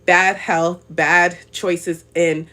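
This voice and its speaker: A woman's voice: lowish voice, little pitch movement, drawn-out words, fairly bright tone. A woman in her thirties hosting a casual live stream, chatting in an upbeat, motivational way straight to her viewers and answering their comments. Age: 30s. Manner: reads out viewer comments and laughs often. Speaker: livestream host.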